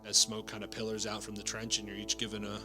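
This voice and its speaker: Casual guy running a war rpg, bright punchy voice, talks slow and descriptive, lots of uhs. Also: fairly low pitch, monotone, faint music behind. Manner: descriptive, measured narration with many fillers. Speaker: game master. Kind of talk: narrating a tabletop war role-play.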